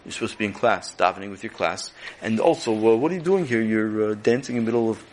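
A stern, dry rabbi from a storybook tale, played by a man. He speaks low and unhurried, with a puzzled hesitancy. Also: animated, a little mellow, slight background noise, natural voice.

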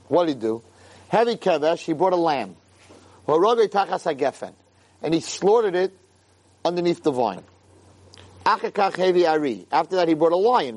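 Male rabbi teaching a Torah class, pitch on the higher side, very expressive, quotes Hebrew then explains. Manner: animated, reads Hebrew source lines then translates them. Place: room with a live audience.

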